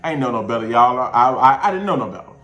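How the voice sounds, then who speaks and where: A man from Georgia with a Southern accent, casually telling a personal story with lively, slangy delivery and big swings in his voice. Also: mid-range voice, quick pace, echoey room, soft background music. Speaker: show host.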